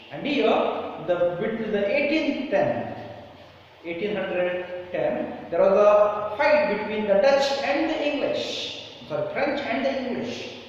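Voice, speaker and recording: Animated male teacher in an echoey hall. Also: high voice, slight background noise. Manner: animated, questioning, repeats phrases. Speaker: English teacher. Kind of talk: classroom lesson explanation. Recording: echoey, distant, dull room recording.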